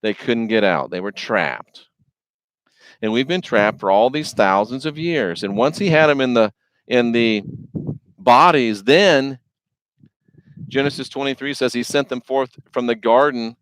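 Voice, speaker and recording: A man's voice: medium pitch, unhurried, fairly bright tone, smooth, no echo. A man hosting a religious video, preaching in an informal, folksy and emphatic monologue. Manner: folksy, slangy, conversational; emphatic, repetitive.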